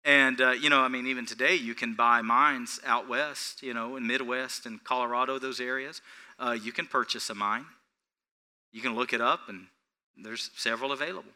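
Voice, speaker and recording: A man's voice: mid-range voice, fairly even intonation, moderate pace, bright, forceful tone, clear, resonant tone. A man, the pastor, preaching a sermon without notes and asking the congregation questions.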